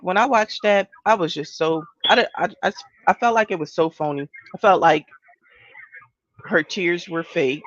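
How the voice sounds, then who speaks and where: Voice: medium pitch, a bit bright, dry recording. A co-host in casual chat, sassy and skeptical, mocking what they watched with exaggerated imitations. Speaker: podcast co-host. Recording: dry, slightly dull sound.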